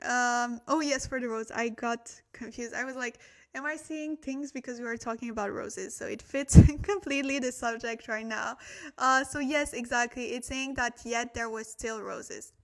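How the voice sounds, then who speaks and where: A woman's voice: a little high, fairly even intonation, normal speed, fairly bright tone. A young woman, a little tired, hosting a chatty language-study livestream, thanking viewers and laughing at her own slips. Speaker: Korean language livestream host. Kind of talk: casual livestream teaching.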